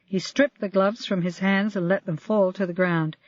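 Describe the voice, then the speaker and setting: An audiobook narrator reading a crime novel in an even, measured way. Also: medium pitch. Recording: dry, slightly dull lo-fi audio.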